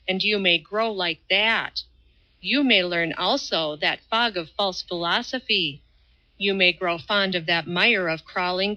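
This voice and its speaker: A woman voicing a fierce, devout Highland swordsman who speaks in a fervent, solemn, preaching tone, in a dull lo-fi recording. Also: sharp tone. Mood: impassioned.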